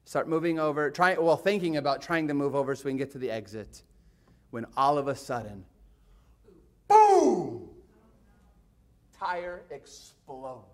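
A middle-aged man, a pastor, telling a story in a sermon, animated and swinging from hushed to excited. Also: medium pitch, normal speed.

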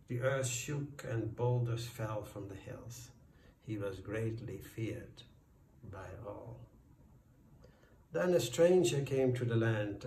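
Slow gravelly male storyteller. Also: mid-range voice, dark tone. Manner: slow, deliberate. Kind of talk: scripted folk-tale narration. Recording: roomy, distant, faint background noise.

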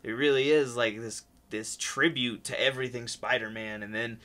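A man co-hosting a comics podcast in casual chat, animated and swearing often, sometimes acting out lines loudly. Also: medium pitch, normal speed. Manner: animated, swears a lot, acts out quotes loudly. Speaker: podcast host.

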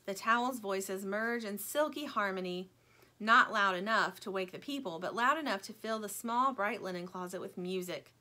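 A woman reading a children's storybook aloud in a gentle storytelling manner. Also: mid-range voice, normal speed. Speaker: storybook reader.

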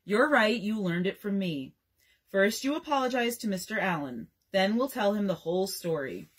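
A woman's voice: mid-range voice, expressive, normal speed, husky. A woman voicing a stern, proud father of twelve in a storybook, firm and commanding.

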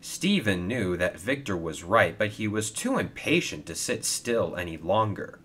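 A man narrating a children's story, lively and expressive. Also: fairly low pitch, unhurried, husky.

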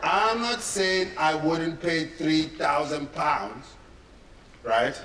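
A man's voice: on the high side, very slow, noisy background. A man with a South African accent performing a stand-up comedy set, telling stories and acting out quotes. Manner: storytelling with acted-out quotes. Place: comedy venue stage. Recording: echoey distant venue with loud crowd laughter. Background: audience laughter.

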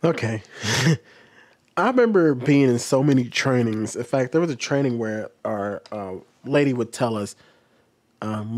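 A man's voice: medium pitch, animated, moderate pace, darkish tone. A man who works as a teacher, giving a casual, blunt commentary and sounding fed up. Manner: blunt, exasperated, mocks others with exaggerated voices.

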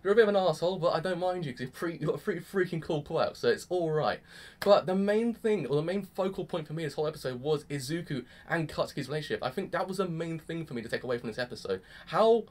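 A young man casually reviewing an anime episode, excitable and gushing, peppering his talk with "freaking". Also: a little high, fast talker.

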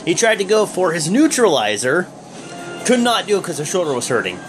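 A man's voice: high-pitched, huge pitch swings, brisk, music in the background. A young man hosting a wrestling review vlog, recapping casually in a rambling, joking way with lots of fillers. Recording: noisy background hum.

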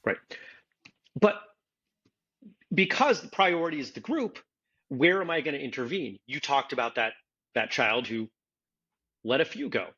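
A man's voice: medium pitch, sing-song, measured pace, pauses often, pushed and bright, slightly rough, muffled recording. A man hosting a casual podcast discussion, explaining his points earnestly and step by step. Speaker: podcast host, martial arts instructor.

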